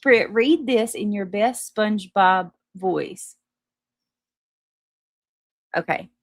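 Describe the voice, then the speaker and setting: Chatty woman livestream host, gravelly edge. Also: mid-range voice, very slow, dry recording, clean studio sound. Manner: chatty, apologetic, laughs easily, restarts often. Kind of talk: casual livestream chat reading viewer comments.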